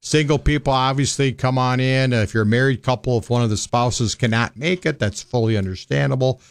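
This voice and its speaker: A man's voice: mid-range voice, brisk, clear, resonant tone, no room sound. Folksy older Minnesotan man. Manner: folksy, blunt, plain-spoken. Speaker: financial advisor. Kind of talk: casual radio talk.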